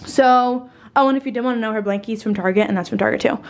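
Young woman vlogger, higher-pitched voice, chatty and rambling, tired and a bit winded, recorded on a handheld camera mic at home. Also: quick pace. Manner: bubbly, rambling, swears casually. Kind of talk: casual chatty home tour. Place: at home indoors.

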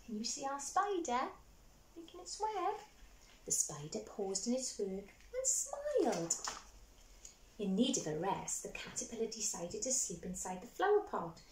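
Animated woman reading a story. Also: fairly high pitch, a little slow, echoey room, a little hiss or hum. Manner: animated, asks young listeners questions. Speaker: storyteller for children. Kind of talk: reading a picture book aloud.

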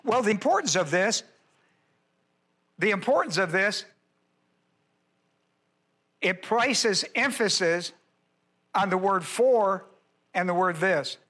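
A man's voice: high-pitched, animated, slow, pauses often, pushed and bright. A male pastor teaching a Bible lesson verse by verse, emphatic and repeating key phrases as he quizzes his listeners.

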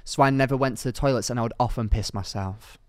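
A man's voice: mid-range voice, fast talker, darkish tone, smooth, dry recording. A young man co-hosting a podcast, telling rambling anecdotes in casual chat. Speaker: podcast co-host.

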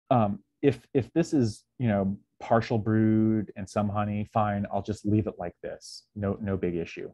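A man's voice: fairly low pitch, warm tone, husky, dry recording. A man giving a casual slide lecture on beekeeping, with lots of ums, who sometimes acts out little dialogues. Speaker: beekeeping presenter.

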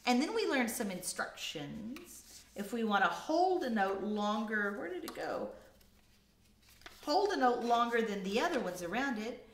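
A woman leading a children's choir lesson from home, demonstrating musical terms in a lively repeat-after-me way. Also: on the high side, unhurried. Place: home room. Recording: echoey room with faint music.

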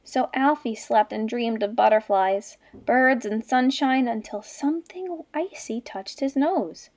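A woman's voice: a little high, measured pace. Woman teacher reading a storybook aloud. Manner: gentle, expressive storybook reading. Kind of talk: reading a picture book aloud to children.

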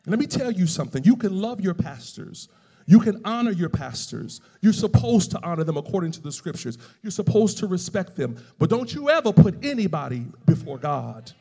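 A man preaches with a raised, gravelly voice that carries through a reverberant church hall. He shifts between personal storytelling and loud, emphatic preaching. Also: high voice, very animated, fairly quick. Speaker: pastor.

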